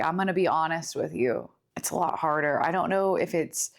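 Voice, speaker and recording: A young woman in her twenties hosting a podcast, talking through grief in an earnest, confiding, unhurried personal monologue. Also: low voice, gravelly. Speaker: podcast host. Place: home studio. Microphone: studio setup with camera.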